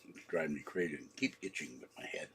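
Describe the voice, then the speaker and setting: A man's voice: rumbling low, fast, gravelly, background noise. A man in his seventies telling a meandering personal story, trailing off and correcting his own words, his throat sore from coughing. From San Francisco. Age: 70s. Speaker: channel host.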